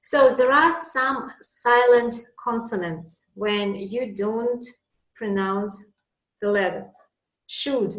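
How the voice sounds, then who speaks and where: Slow-talking woman teaching English. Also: mid-range voice, fairly bright tone, roomy sound, rough recording. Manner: patient, explains slowly with examples. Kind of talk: online English lesson.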